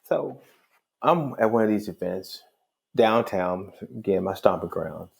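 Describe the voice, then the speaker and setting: Middle-aged male judge as podcast guest; raspy, gravelly, animated storyteller who restarts and repeats words. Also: lowish voice, a little slow. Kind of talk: casual storytelling conversation.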